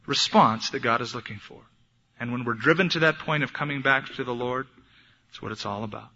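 A man's voice: a little high, pushed and bright. A young adult man preaching a sermon in an earnest, emphatic, storytelling way, in an echoey hall on a dull lo-fi recording. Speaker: pastor.

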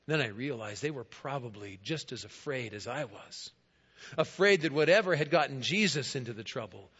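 A man, a guest speaker in a church, giving a first-person dramatic monologue in a storytelling manner, swelling loud and then dropping quiet. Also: medium pitch, breathy edge. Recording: dull lo-fi recording.

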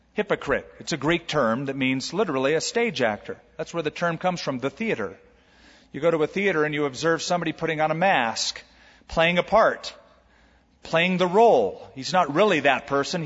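Preaching man in a reverberant hall. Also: fairly high pitch. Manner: animated preaching, drawn-out emphasis, rhetorical questions to the congregation. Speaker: pastor. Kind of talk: sermon. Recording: long hall reverb, dull lo-fi sound.

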